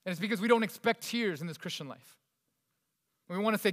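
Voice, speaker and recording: A man preaching a sermon in a fairly high voice. He moves between forceful, raised emphasis and soft, hushed stretches. The sound carries a long reverb, as in a large hall. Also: quick pace. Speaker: pastor.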